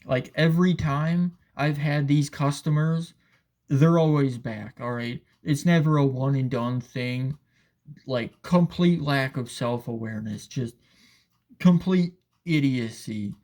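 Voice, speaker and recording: A man's voice: medium pitch, slow pace, a little mellow. Profane, sarcastic man ranting. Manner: profane, sarcastic, repeats "all right". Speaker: commentator. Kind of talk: casual ranting commentary.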